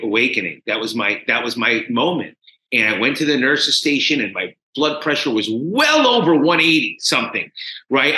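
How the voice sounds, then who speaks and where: A man from New Jersey, a podcast guest, telling his story in an animated, emphatic way. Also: mid-range voice. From New Jersey, USA. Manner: animated, emphatic, swinging between hushed and loud. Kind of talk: casual storytelling. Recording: roomy echo.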